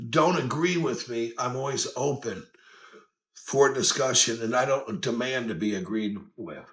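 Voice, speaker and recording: A podcast host with a mid-range, fairly bright voice gives a casual motivational talk. He's blunt and earnest, swears freely, and keeps circling back over his points.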